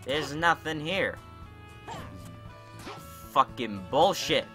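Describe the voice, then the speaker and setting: A young man rants over his game with sarcastic, profane commentary. His voice is very bright and fairly high, and he takes his time, drawing his words out slowly. Faint music plays underneath. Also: expressive. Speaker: gaming YouTuber. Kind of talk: let's play commentary.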